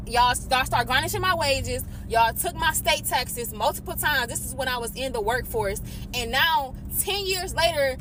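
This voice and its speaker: A young woman in her twenties venting with a high voice, frustrated and fighting back tears. She swears freely as she rants, and a faint hiss sits under her words. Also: animated, normal speed. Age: 20s. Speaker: vlogger. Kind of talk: emotional vent.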